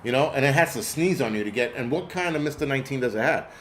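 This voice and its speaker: Male livestream host, mid-pitched, rambling profane storyteller, faint background noise. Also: expressive, fast, fairly bright tone. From United States. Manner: rambling, profane storytelling, answers chat comments. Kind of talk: casual livestream chat.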